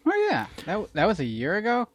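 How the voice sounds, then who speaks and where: A man's voice: high voice, wildly swooping pitch, fast talker, no room sound. A man co-hosting a casual podcast, reacting with joking asides. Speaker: podcast co-host. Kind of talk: casual chat.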